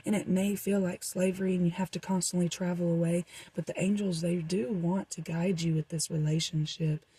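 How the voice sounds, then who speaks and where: Very breathy, husky woman reading tarot. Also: lowish voice, steady tone, fairly quick, mellow, low-quality recording. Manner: rambling, meandering with frequent fillers. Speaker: tarot reader. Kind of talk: casual tarot reading to viewers.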